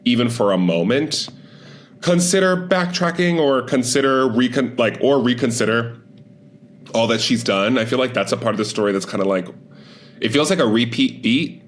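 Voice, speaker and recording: A man's voice: mid-range voice, moderate pace. A man in casual chat, weighing his views on a film thoughtfully, with many fillers and hedges. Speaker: podcast guest.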